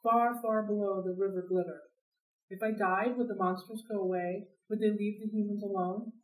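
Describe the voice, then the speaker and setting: A woman's voice: mid-range voice, steady tone, moderate pace. Woman reading a novel aloud, roomy. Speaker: library read-aloud host. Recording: roomy sound, distant from mic.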